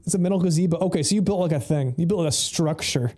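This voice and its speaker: A man's voice: a little high, quick pace, a little mellow. Laid-back rambling man streaming a game. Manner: rambling, laughs often, swears freely. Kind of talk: casual gameplay commentary.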